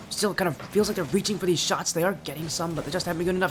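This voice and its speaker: A man casting an esports match live, calling the plays in a quick, flowing play-by-play. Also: on the high side, fairly even intonation, a little hiss or hum. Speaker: esports caster.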